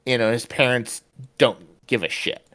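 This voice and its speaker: A man's voice: mid-range voice, fairly bright tone. A man co-hosting a podcast in casual chat, rambling with plenty of fillers and restarts. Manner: rambling, many fillers, does quick mock voices. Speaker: podcast co-host.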